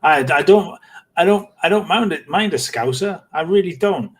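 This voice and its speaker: A middle-aged man co-hosting a casual football podcast, talking earnestly with many halting repeats. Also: sits high, expressive, slight background noise. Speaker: podcast co-host.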